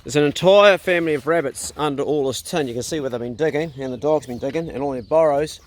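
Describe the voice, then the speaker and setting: Outdoors on his farm, a middle-aged vlogger chats casually, talking to his dogs and laughing at himself. His voice is slightly high and he speaks fast.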